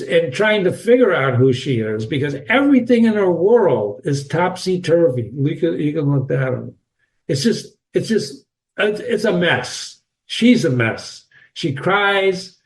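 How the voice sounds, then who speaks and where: Give me a man with a high voice teaching a novel, chatty and emphatic. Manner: talks straight to listeners, chatty and emphatic. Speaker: literature teacher. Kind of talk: explaining a novel in a reading lesson.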